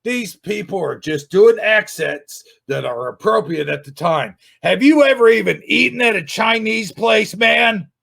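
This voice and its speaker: A man reviewing another YouTube channel in an angry, sarcastic rant, swearing and shouting often. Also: high-pitched, lively intonation, a little slow, gravelly, hardly any pauses. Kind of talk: ranting video commentary.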